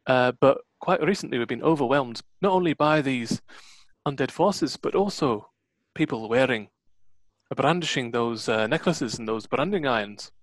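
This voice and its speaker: A game master doing a gruff Scottish-accented mountain warden. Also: medium pitch, moderate pace, no room sound, lightly acted. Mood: blunt. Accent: put-on Scottish. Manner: brusque, teasing, swearing. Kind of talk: tabletop role-play narration.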